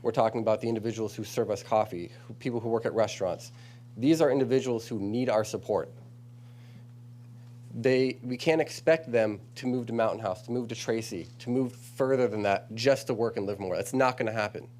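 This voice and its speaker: A man's voice: medium pitch, fairly quick, darkish tone. An American man making an earnest, disappointed public comment at a council meeting.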